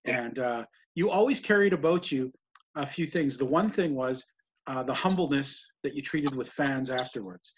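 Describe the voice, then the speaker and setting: A man's voice: mid-range voice, lively intonation, moderate pace, breathy edge. A man hosting an interview, asking rambling, admiring questions with frequent restarts. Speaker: interview host. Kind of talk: casual interview talk.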